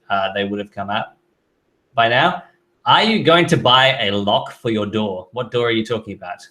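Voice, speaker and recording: Hosting a laid-back live stream, this man speaks in a mid-range voice with a bright, forceful tone. He reads out questions from chat and tosses off casual answers full of fillers.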